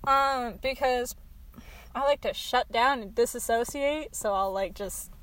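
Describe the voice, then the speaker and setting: A woman's voice: a little high, measured pace, a bit bright. A woman co-hosting a podcast in casual chat, rambling, swearing freely and laughing often. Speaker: podcast co-host.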